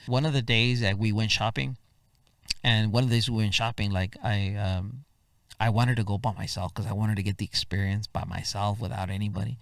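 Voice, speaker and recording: Gravelly man telling stories off-mic. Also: fairly low pitch, fairly quick, dry recording. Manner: animated anecdotes, keeps saying "bro". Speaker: guest singer-songwriter. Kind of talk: casual storytelling interview. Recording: dry voice, far from the mic.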